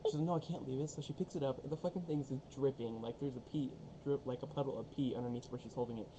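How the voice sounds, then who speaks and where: A man's voice: mid-range voice, quick pace. Young man, casual profane vlog storyteller, noisy recording. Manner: profane, rambling, animated storytelling. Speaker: co-host telling a story.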